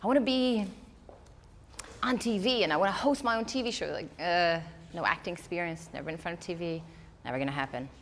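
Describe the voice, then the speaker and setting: A woman who is not a native English speaker, giving a lively storytelling motivational talk to a live audience. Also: fairly low pitch, a little fast, slight background noise. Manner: animated storytelling, acting out her own inner voice. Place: event hall before a live audience.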